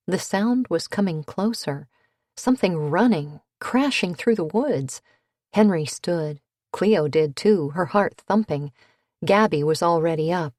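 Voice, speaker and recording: A woman reading a cozy mystery audiobook, with even, unhurried narration that lifts into character voices for the dialogue. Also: on the low side, no room sound, clean studio sound. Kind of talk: scripted narration.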